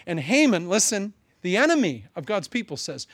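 A male pastor preaching a sermon with animated, dramatic storytelling. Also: high voice, moderate pace, few pauses, dry recording.

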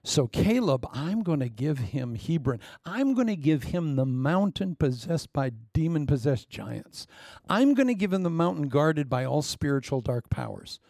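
A man preaching a sermon, animated and humorous, acting out the voices of the people he quotes. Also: on the high side, moderate pace, dry recording, clean studio sound. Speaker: pastor.

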